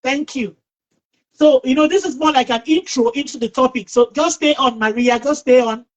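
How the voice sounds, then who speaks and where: A middle-aged woman hosts an online talk, speaking in a slightly high, lively voice. She tells a personal story in an outgoing way and often restarts her sentences. She is heard over a video call. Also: fairly quick, rough recording. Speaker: host.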